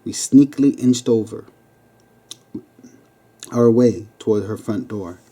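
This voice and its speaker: A man's voice: fairly low pitch, takes it slowly, mellow. A man reading his own memoir aloud as an audiobook narration. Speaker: memoir reader.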